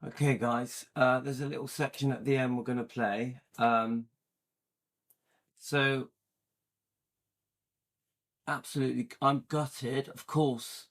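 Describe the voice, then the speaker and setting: A man's voice: medium pitch, fairly even intonation, slow pace, long pauses, a bit bright. A man hosting a channel, speaking casually to his viewers with some hesitation. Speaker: channel host.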